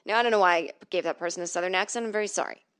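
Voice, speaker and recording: A woman's voice: lowish voice, rapid-fire, fairly bright tone, clear, resonant tone. Middle-aged woman, podcast host, sarcastic, profane, comedic storytelling monologue, recorded at home. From northern United States.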